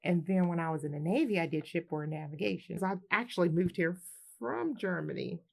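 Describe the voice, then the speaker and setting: A military veteran woman telling a personal story to the camera in a lively way, laughing often as she goes. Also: fairly low pitch, fairly quick, creaky. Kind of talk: personal anecdote told to camera.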